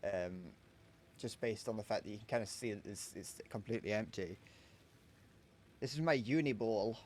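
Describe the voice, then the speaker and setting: A man's voice: fairly low pitch, normal speed, a little mellow, a little hiss or hum. A man in his twenties chatting casually to viewers while playing a game live, joking and swearing as he goes. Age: 20s. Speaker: streamer.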